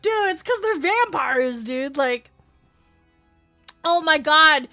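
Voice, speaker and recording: A woman streamer chats casually with her viewers while playing, excitable and quick to laugh and swear. Her voice sits high and sounds bright and sharp. Faint music plays behind her. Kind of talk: casual live-stream gaming chat.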